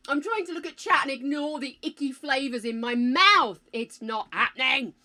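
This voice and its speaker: Older British woman, live streamer, bright and forceful, chatty, swears, sudden loud bursts. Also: high voice, expressive, normal speed. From United Kingdom. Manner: chatty, calls viewers darling, swears freely, loud bursts. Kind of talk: casual live-stream chat.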